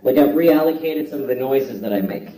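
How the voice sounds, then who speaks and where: A man's voice: medium pitch, animated, a little fast, warm tone. A middle-aged man telling wry, self-mocking stand-up stories to a live audience. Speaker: stand-up comedian. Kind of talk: stand-up comedy. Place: large hall or theater. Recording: roomy live hall from a distance with crowd laughter.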